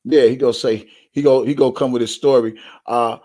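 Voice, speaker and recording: A brash man, hosting an online show and talking profanely and loudly to his viewers. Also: medium pitch, fairly even intonation, fairly quick. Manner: brash, loud, profane, repeatedly urging likes.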